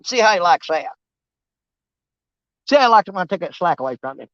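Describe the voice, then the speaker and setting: His voice sits high and sing-song, a bit bright and fairly quick, on a muffled recording without echo. The man is livestreaming his fishing from a riverbank outdoors, rambling casually to his audience and talking teasingly to the fish.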